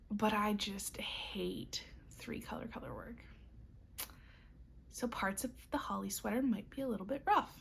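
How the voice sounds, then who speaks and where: Chatty woman with a husky, gravelly voice. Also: fairly high pitch. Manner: chatty, upbeat, frequent ums and small laughs. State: has the hiccups. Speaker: knitting vlogger. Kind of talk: casual chat.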